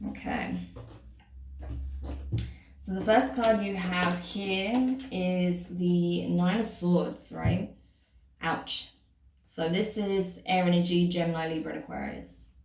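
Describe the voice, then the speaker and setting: Lowish gravelly woman reading tarot. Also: takes it slowly, pauses often, darkish tone, far from the mic, slight background noise. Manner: chatty, frequent "okay?" and "right?" check-ins. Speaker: tarot reader. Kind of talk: casual tarot reading monologue. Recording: echoey room, voice off-mic.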